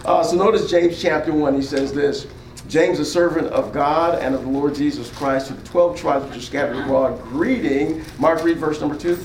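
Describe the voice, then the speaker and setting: A man preaching an interactive sermon, his voice pitched high for a man. He keeps asking the room questions and drawing answers back. The sound rings in a reverberant hall with a faint hiss behind it. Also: normal speed, a little mellow. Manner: call-and-response, asks the room questions. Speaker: pastor. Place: church hall.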